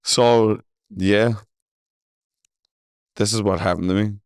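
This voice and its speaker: A man's voice: fairly low pitch, fairly even intonation, slow, clean tone, dry recording, clean studio sound. A man hosting a podcast in casual chat, telling stories animatedly, swearing freely and laughing often. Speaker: podcast host.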